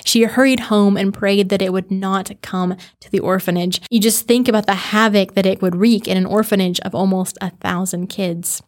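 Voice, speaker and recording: A woman tells a true story as a podcast host, sounding earnest and conversational. Her voice sits at an ordinary middle pitch for a woman. Now and then she stumbles briefly and restarts, and she adds casual asides to the listener. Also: steady tone, moderate pace, few pauses. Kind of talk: storytelling narration of a true history.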